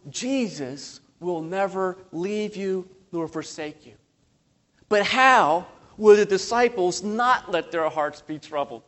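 A man preaching a sermon as pastor, slowing down for emphatic lines, asking rhetorical questions, surging in loudness and adding self-deprecating humor. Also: very high voice. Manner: impassioned preaching with slow emphatic phrases and sudden surges in loudness.

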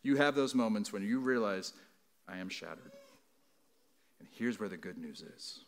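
A man's voice: on the low side, expressive, a little fast. Earnest male pastor preaching. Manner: earnest, building emphasis through repetition; conversational asides with frequent "right?". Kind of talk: sermon.

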